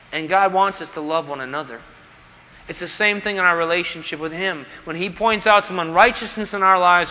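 Man preaching in a church, high-pitched, lots of rhetorical questions and jokes, big hall echo. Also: bright, forceful tone. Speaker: pastor. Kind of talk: sermon. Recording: long hall reverb.

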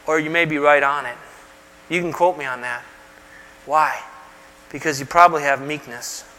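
A man's voice: a little high, steady tone, moderate pace, sharp tone, big-room sound. A middle-aged male pastor preaching a sermon in a conversational, emphatic way, full of rhetorical questions.

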